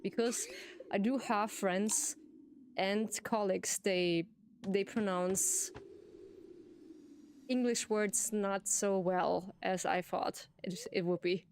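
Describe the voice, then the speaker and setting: A woman's voice: medium pitch, fairly even intonation, slow, pauses often, a little mellow, slight background noise. A woman with an Austrian accent, a native German speaker, chatting casually with viewers while streaming a game, giggling and often repeating herself. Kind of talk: casual livestream chat.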